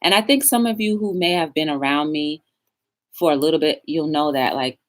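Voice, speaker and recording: A woman's voice: deep voice, normal speed. A woman hosting a casual live-stream talk show, chatting straight to her viewers and reading quotes aloud with emphasis.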